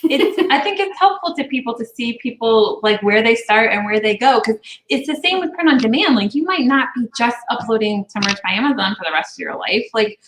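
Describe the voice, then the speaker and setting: A woman hosting an interview, asking quick clarifying questions and encouraging her guest. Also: on the high side, expressive, a bit bright, a little hiss or hum. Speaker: podcast host. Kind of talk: interview chat. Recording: echoey room sound.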